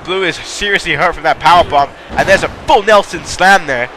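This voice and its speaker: Excitable high-voiced male commentator. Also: moderate pace, a little hiss or hum. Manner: excitable, mildly profane, breaks into laughs. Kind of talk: play-by-play commentary on a wrestling video game.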